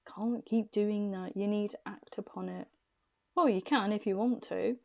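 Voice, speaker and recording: A woman's voice: mid-range voice, steady tone, measured pace, gravelly, a little mellow. A woman doing an intuitive tarot reading to camera, chatty and reassuring, who repeats phrases for emphasis. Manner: soothing, reassuring encouragement. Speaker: tarot card reader.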